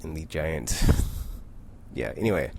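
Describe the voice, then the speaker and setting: A man's voice: extremely low pitch, animated, slow, gravelly, a little hiss or hum. A man casually recapping a comic book, rambling with lots of "like" and frequent self-corrections.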